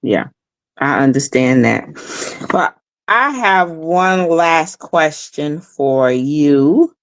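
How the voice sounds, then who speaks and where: Slow, lively woman co-host, dry sound. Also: deep voice, no echo. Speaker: podcast co-host. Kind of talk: casual podcast interview.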